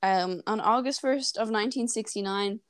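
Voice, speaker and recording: A woman's voice: medium pitch, moderate pace, no echo. A young Irish woman co-hosting a podcast over a call, chatty and laughing, sometimes tripping over words. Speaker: podcast co-host. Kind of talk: casual chat. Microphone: remote call.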